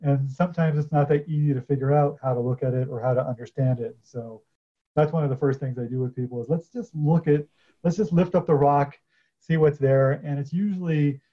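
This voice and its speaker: A man, a coach guesting on a podcast, explaining his ideas in a measured way with some fillers. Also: medium pitch, fairly even intonation, muffled recording. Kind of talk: casual podcast interview.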